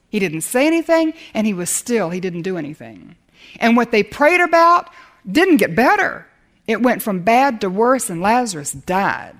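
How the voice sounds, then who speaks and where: A woman teaching a sermon in an earnest, emphatic way, sometimes dropping to a hush. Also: on the high side. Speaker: Bible teacher.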